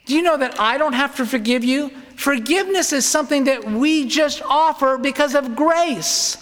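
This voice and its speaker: A middle-aged man preaching earnestly, slowing down to lean on key words. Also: very high-pitched, a bit bright. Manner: earnest, emphatic, slows down to stress words. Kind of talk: sermon-style Bible teaching. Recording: long hall reverb.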